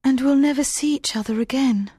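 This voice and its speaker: Man putting on a high breathy young woman, frightened singer, audiobook voice, dry close sound. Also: a little fast, mellow, dry recording. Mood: sad. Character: young woman opera singer, fearful and tender. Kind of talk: audiobook character voice.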